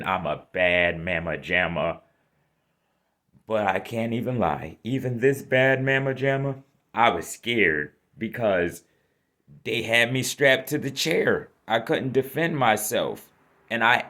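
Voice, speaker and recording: A man telling a personal story in a vlog, blunt and profane, swinging from loud emphasis to shaken, subdued talk. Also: fairly low pitch.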